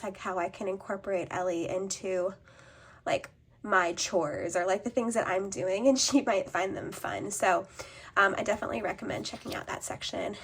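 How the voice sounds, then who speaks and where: A woman's voice: mid-range voice, creaky, a little hiss or hum. A young woman, a stay-at-home mom, reviewing a toy kit in casual chat, audibly out of breath, with lots of ums and likes. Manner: chatty, many ums and likes.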